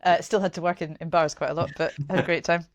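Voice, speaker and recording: A low-pitched woman in her thirties from Scotland, chatting frankly as an interview guest. She talks in an animated, blunt way with the odd swear word and plenty of restarts. The recording is close and dry, with no room sound. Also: fast talker, no room sound. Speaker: journalist and author guest. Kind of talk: casual interview chat.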